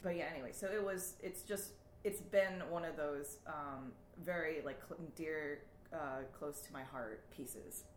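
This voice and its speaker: A woman's voice: low voice, a little slow, few pauses. Woman co-hosting a podcast, laid back and a little hesitant, echoey room with faint hiss. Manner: relaxed, hesitant, with many fillers. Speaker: podcast co-host. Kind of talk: casual chat.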